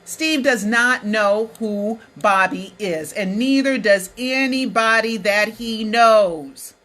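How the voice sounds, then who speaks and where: A woman with a bright, somewhat high voice talks straight to her viewers in a heated, colloquial rant. She presses each point hard and keeps tossing in "Okay?" and "y'all" as she goes. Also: takes it slowly, rough recording. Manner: emphatic, repeatedly asking "Okay?". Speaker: vlogger. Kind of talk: ranting commentary to camera.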